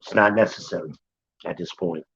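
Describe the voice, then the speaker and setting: A man's voice: low voice, a little fast, vocal fry, fairly bright tone. A man teaching from scripture in an informal, emphatic way, repeating his points and talking straight to his listeners. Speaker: Bible teacher. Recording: dull lo-fi recording.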